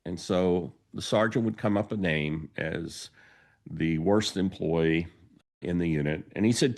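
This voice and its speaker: Here a podcast host shares a story on his own, his low-pitched voice darkish in tone and measured in pace. Whenever someone in the anecdote speaks, he performs their lines.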